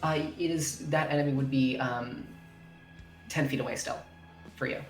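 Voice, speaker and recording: A woman's voice: extremely low pitch, fairly even intonation, normal speed. A woman narrating as dungeon master in casual chat, swearing freely and using many fillers. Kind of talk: narrating a tabletop game. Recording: roomy echo with faint music.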